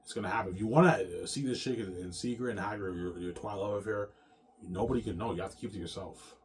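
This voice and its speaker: A man vlogs in a fairly low voice at a fast pace, with a bit of hiss or hum in the recording. He rambles at length to his viewers, swearing freely, repeating himself, and finishing lines with "man" and "yeah."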